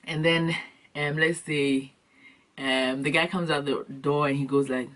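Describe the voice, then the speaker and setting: A young adult woman vlogging, telling comic stories in an animated, slangy way and acting out scenes. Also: sits low, measured pace. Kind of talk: comic storytelling vlog. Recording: distant from the mic.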